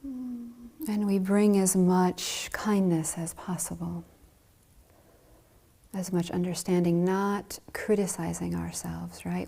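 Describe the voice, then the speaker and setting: Soft-spoken, slow, breathy woman teacher. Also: on the low side, steady tone. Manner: slow, soft and gentle with light laughs. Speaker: Zen dharma teacher. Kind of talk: dharma talk.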